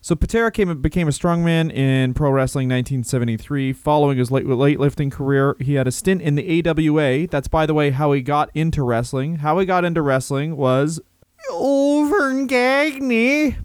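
A man co-hosts a casual comedy podcast with wry, deadpan asides. His voice sits somewhat high for a man. The recording is dry and close. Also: normal speed, clean tone, dry recording.

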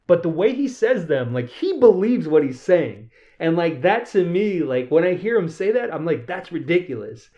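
A casual podcast co-host whose pitch rises and falls a lot as they talk. They swear freely and slip into acted-out quotes mid-sentence. The sound is a bit dull and lo-fi. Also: normal speed, hardly any pauses. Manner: animated, profane, acts out quotes. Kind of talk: casual film chat.

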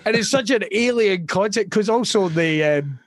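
A man's voice: sits high, lively intonation, normal speed, no echo, studio quality. A Scottish man from Ayrshire, a stand-up comedian chatting casually on a podcast, joking, swearing and mocking himself. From Scotland (Ayrshire). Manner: swearing, jokey, self-mocking storyteller.

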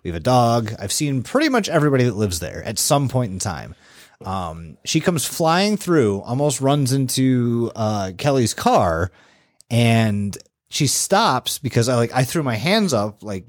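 A man's voice: medium pitch, measured pace, no echo, clean studio sound. A man co-hosting a podcast, telling a story in casual chat and swearing freely as he goes. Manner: profane, animated storytelling. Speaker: podcast co-host.

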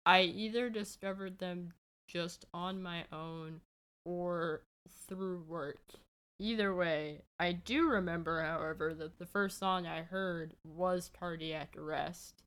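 A woman's voice: fairly low pitch, steady tone, takes it slowly, fairly bright tone. A young woman co-hosting a podcast, chatting casually in an easygoing way with dry remarks. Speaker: podcast co-host. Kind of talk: casual chat.

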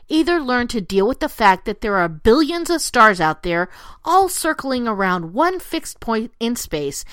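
An angry woman rants with biting sarcasm and plenty of swearing. Her fairly high voice swoops up and down as she hammers each point home. The sound is dry and close, with no room echo. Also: sing-song, unhurried, a bit bright. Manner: angry, sarcastic, profane, punchy. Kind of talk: profane political rant to camera.

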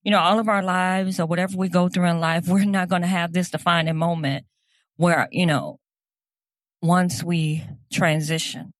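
A woman with a fairly low voice delivers an impassioned personal address. She speaks earnestly and with emphasis, repeating key phrases to drive her point home. The recording is dry and close, with no room echo. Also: fairly even intonation, moderate pace.

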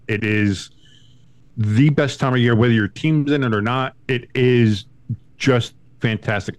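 A man co-hosting a casual sports podcast from home, talking in an animated, profane way and mocking others in high put-on voices. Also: dry recording. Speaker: podcast co-host.

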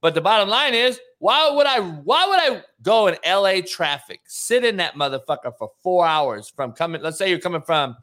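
A man's voice: high-pitched, lively intonation, normal speed, hardly any pauses, a bit bright. A man hosting a casual sports debate show, brash and profane, often laughing and ribbing his co-host.

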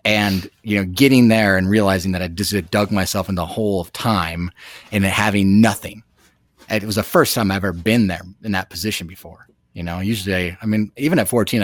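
A man guest telling a dramatic personal story in an animated way, with many restarts. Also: deep voice, no echo, clean studio sound. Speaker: podcast guest. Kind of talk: storytelling anecdote.

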